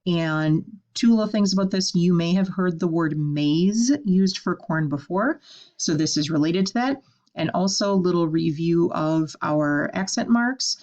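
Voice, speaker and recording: A woman teaching a French vocabulary lesson, saying each word slowly and then explaining it in casual English. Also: on the low side, a little mellow, lo-fi sound.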